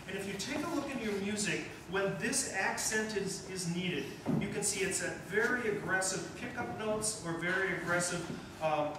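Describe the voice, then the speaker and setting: A male band conductor gives rehearsal instruction in a school band room, coaching and encouraging while singing note syllables. His voice is high. A distant room mic leaves the sound far off, echoey and noisy.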